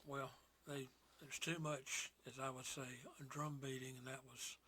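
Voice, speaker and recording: A soft-spoken man co-hosting a casual podcast chat, talking low and unhurried. His pitch barely moves and his voice has a bright edge, with a faint hum in the background. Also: flat delivery. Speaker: podcast co-host. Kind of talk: casual chat about films.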